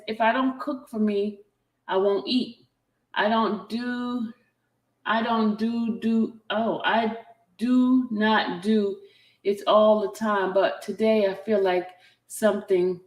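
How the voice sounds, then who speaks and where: A woman vlogger chatting casually while reading out text messages aloud, adding her own asides between them. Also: mid-range voice. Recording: roomy echo.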